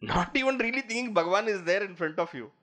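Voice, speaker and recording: A man with a high voice and an Indian English accent talks quickly through a scripture-based spiritual discourse. His storytelling is animated, and he performs the quoted voices of each character.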